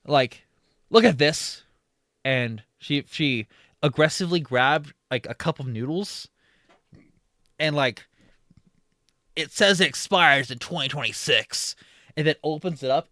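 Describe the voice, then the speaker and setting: A man's voice: mid-range voice, sharp tone, no room sound, studio quality. A man casually telling a long story from his retail job, with lots of fillers and restarts. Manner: rambling, many fillers and restarts. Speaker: streamer.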